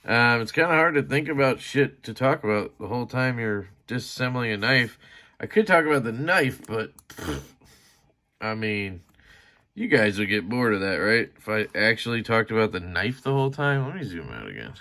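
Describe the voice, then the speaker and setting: Bright and forceful, this man's mid-range voice has lively intonation and a moderate pace. He's a knife reviewer taking apart a knife on camera for a casual vlog, rambling at viewers as he fiddles, with plenty of grumbling, mild swearing, and self-mockery.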